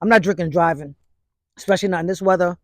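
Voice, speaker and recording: Standing outdoors in the snow, a New York–accented martial arts instructor in his fifties delivers a blunt, preachy, street-slang monologue into a phone another person is holding. He talks rapid-fire in a high-pitched voice, and the audio is clean studio sound with no echo.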